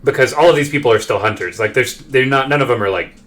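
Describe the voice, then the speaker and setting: A man's voice: mid-range voice, fast talker, a bit bright. A man narrating as game master of a solo tabletop game, describing characters with many fillers and restarts. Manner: hesitant, many fillers and self-corrections.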